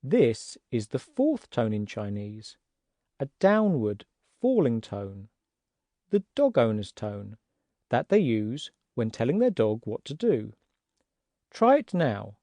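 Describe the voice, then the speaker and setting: A man narrating an audiobook language lesson, patient and clear, acting out example words to show how tones rise and fall. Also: mid-range voice, wildly swooping pitch, slow, dark tone, dry recording.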